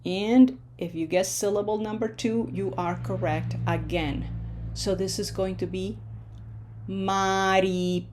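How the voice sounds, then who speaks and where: A woman's voice: medium pitch, steady tone, measured pace, mellow, soft background music. A woman teaching a Spanish pronunciation lesson, stretching out model words with long vowels and asking and answering her own questions.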